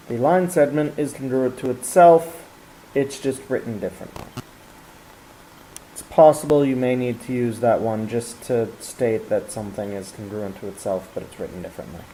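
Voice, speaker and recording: A man with a mellow, warm voice teaches a recorded geometry lesson, explaining step by step with small fillers and restarts. A faint hiss sits under the recording. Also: mid-range voice, rough recording. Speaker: math teacher.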